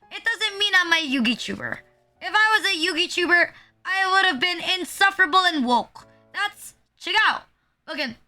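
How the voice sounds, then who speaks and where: Nervous twenties woman streamer, high and bright, swears and rambles self-deprecatingly. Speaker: VTuber streamer. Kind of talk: casual live-stream chat.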